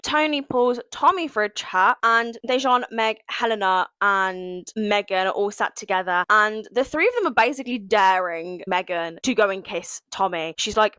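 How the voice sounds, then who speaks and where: A woman's voice: mid-range voice, animated, normal speed, few pauses, sharp tone, clean tone, no echo. A young woman recapping a reality show in a casual vlog, dramatic and sarcastic, full of mock outrage. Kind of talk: casual reaction commentary.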